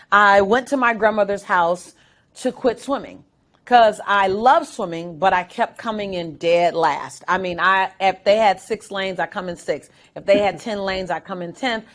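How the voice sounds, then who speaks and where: A woman guest in a casual interview, telling stories with lively, acted-out quotes and frequent laughter. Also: medium pitch. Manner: animated storyteller, acts out quotes.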